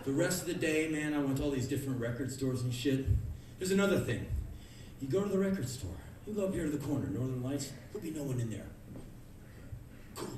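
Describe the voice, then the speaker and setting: A man in his early thirties giving a live spoken word monologue on stage, ranting in sudden shouted bursts of rage. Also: a little high, lively intonation, fairly quick. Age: early 30s. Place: music club on stage. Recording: echoey club from far off, crowd noise. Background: audience laughter.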